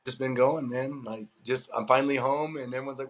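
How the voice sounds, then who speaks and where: A man's voice: medium pitch, brisk, low-quality recording. A middle-aged man from California, a former baseball pro, telling stories in a loose, casual way, acting out the dialogue he quotes. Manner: loose and animated, acts out quoted dialogue, lots of "like". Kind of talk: casual storytelling.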